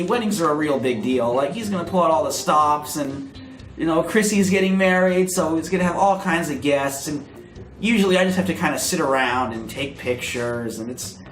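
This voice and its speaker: A man voicing a shy, eager teenage girl gorilla in a squeaky, high voice, with a roomy echo. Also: a bit bright. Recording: roomy echo, faint noise.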